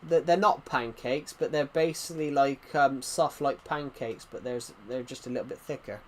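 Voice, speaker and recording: A man's voice: medium pitch, moderate pace, a little hiss or hum. A man giving casual, rambling commentary while playing a video game, chatting and drifting onto side topics. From Britain. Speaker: gaming channel host.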